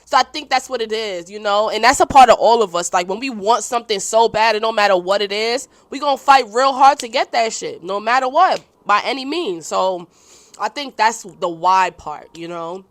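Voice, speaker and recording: A young adult woman hosting her own podcast, answering listener questions in blunt, profane, casual chat and quickly apologizing when she oversteps. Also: mid-range voice, dry recording. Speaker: podcast host.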